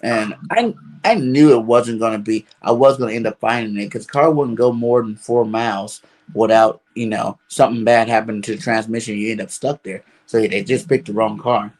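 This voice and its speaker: A man's voice: fairly low pitch, a little fast, a little mellow. Rambling man telling a story. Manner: rambling, fills with "you know". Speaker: caller. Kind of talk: casual storytelling.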